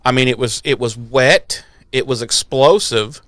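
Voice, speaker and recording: A man's voice: mid-range voice, unhurried, no echo. A man co-hosting a podcast, recapping an episode in casual, jokey, profane chat. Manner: animated, jokey, profane, puts on silly voices. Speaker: podcast co-host.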